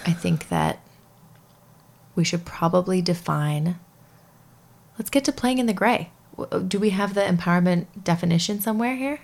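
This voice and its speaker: A woman in her thirties co-hosting a casual podcast, encouraging her partner with quick affirmations. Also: on the low side, expressive, vocal fry. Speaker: podcast co-host. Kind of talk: casual chat.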